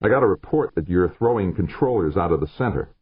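A man's voice: deep voice, animated, fast talker, husky, no echo, voice pushed up. A man narrating an audiobook voices a portly, pompous security chief. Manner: pompous, demanding. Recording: narrow phone-like sound, dry.

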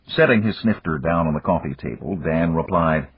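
A man narrating an audiobook in measured storytelling. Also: rumbling low, expressive, husky, no room sound. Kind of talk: scripted narration. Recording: dull lo-fi, dry recording.

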